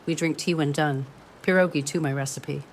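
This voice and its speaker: A woman's voice: sits low, fairly even intonation, normal speed, slight background noise. A woman voicing a tiny, fierce elderly grandmother neighbor with a thick Polish accent and blunt, broken-English speech. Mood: blunt, protective.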